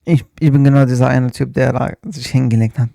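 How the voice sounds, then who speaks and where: A man's voice: mid-range voice, little pitch movement, quick pace, gravelly, mellow, dry recording, clean studio sound, faint music behind. A man streaming a live reaction, chatting casually with asides while he watches a video.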